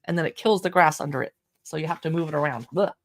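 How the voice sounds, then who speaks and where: A woman's voice: deep voice, fast. Chatty woman hosting a cookbook livestream. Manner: chatty, self-deprecating, exclaims over pictures. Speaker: livestream shopping host. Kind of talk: casual livestream cookbook review.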